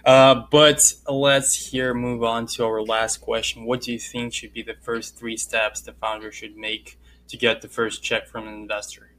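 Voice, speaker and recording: A man's voice: mid-range voice, flat delivery, normal speed, fairly bright tone. A man from Russia with a Russian accent, hosting a podcast interview in a chatty, friendly way. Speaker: podcast host. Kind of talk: casual interview talk.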